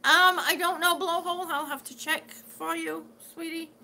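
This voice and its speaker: Gravelly, bright-voiced chatty woman. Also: very high voice, fairly even intonation, moderate pace. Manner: chatty and affectionate, calls viewers sweetie. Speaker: vlogger reading live chat. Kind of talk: casual live-stream chat.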